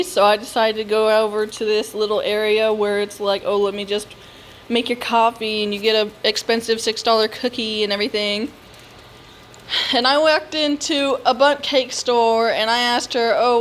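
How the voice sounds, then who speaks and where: A young woman chatting casually at home, ranting and telling stories in an animated way with lots of mild swearing and laughter. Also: on the high side, slight background noise, rough recording. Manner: animated, swears and laughs a lot, acts out quotes. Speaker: vlogger. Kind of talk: casual complaining chat. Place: home, on the couch.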